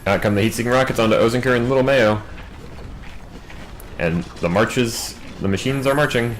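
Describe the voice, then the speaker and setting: A man doing solo play-by-play game commentary, racing through big fights and dropping wry asides in quiet moments. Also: medium pitch, a little hiss or hum, low-quality recording. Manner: quick, excitable calls in big plays, wry asides in lulls. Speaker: match commentator.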